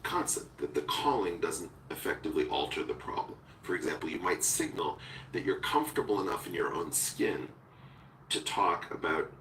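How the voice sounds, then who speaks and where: A man in a philosophical conversation, talking deliberately and searching for words, using technical terms. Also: sits low, lively intonation, a bit bright. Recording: roomy echo from far off with faint noise.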